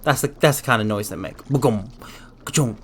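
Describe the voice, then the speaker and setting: A game streamer talks loosely through their play session, rambling from one thought to the next. The voice sits at an ordinary middle pitch and breaks into goofy sound effects, with a faint hiss under the recording. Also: brisk. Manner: rambling and playful, drops into silly sound effects. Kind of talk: casual game commentary.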